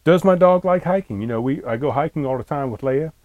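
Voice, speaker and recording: A man's voice: a little high, expressive, fast, no echo, phone-quality sound. A man hosting his own podcast from inside a camper trailer, chatting loosely in an irritated, rambling way and cursing often, recorded on a laptop in front of him. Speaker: podcast host. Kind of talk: casual solo podcast chat. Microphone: laptop on a tray in front of him.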